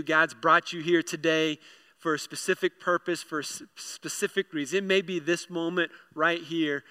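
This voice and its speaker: A man in his thirties preaches to a congregation, his voice bright and ringing with a smooth, resonant clarity. He tells stories with many restarts and repeated words, then turns to a direct appeal. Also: a little high. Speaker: pastor. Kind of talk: sermon. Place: church hall with congregation.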